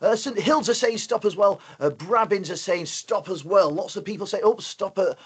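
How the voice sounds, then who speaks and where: A man's voice: high-pitched, moderate pace, fairly bright tone, husky. A man hosting a live online punctuation lesson for schools, upbeat and playful. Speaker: host and teacher.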